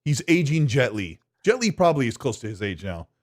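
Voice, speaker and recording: Lively, jokey male podcast host. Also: medium pitch, fairly quick. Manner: animated, jokey, laughs often. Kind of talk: casual podcast chat.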